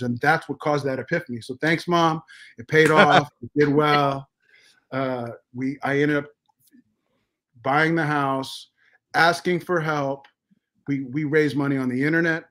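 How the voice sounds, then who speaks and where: Profane, animated middle-aged male storyteller. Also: mid-range voice, moderate pace. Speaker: podcast guest. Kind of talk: casual storytelling.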